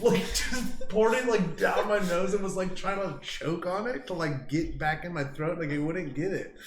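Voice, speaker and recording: A man's voice: high voice, normal speed. A young man, a podcast co-host, casually telling a rambling, profane story and acting out his own past lines. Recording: roomy echo, faint background noise.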